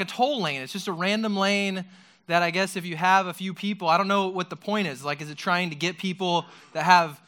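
A man giving a casual youth sermon, chatty and animated, with many rhetorical questions and fillers. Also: sits high. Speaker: youth pastor.

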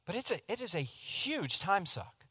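Forceful, animated male preacher. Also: high-pitched, moderate pace, slightly rough, dry recording. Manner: animated, confessional, swings from hushed to loud. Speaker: pastor. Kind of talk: sermon storytelling.

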